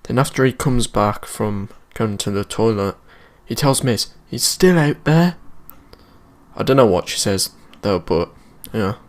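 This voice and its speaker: A man's voice: fairly low pitch, expressive, measured pace. A man with a British accent casually telling a school story in slangy, swear-filled speech. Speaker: vlogger.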